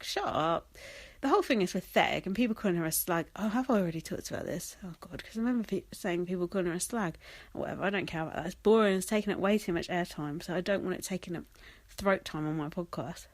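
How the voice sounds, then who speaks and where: Recorded dry, this lowish female voice belongs to a young woman chatting through a podcast recap. She's sweary and quick to laugh, peppering her speech with ums and likes, while a slight wheeze and some coughing come through.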